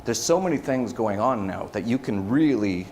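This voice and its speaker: A man's voice: lowish voice, normal speed, a little hiss or hum. A man giving a casual conference talk, telling anecdotes with lots of fillers and restarts, and laughing as he goes. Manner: animated storytelling with many fillers and restarts. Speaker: conference speaker. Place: event hall.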